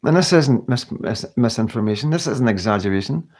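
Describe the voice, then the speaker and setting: A middle-aged British livestream host speaks earnestly and emotionally to his viewers, rambling and often restarting sentences. His mid-range voice is expressive, brisk and a little mellow.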